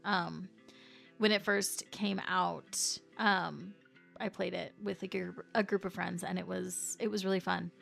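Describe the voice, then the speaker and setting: A woman's voice: on the low side, fairly even intonation, unhurried, gravelly, a bit bright, faint music behind. A woman live streamer chatting casually with her viewers in a bubbly, chatty way, full of fillers, sometimes dropping to near whispers.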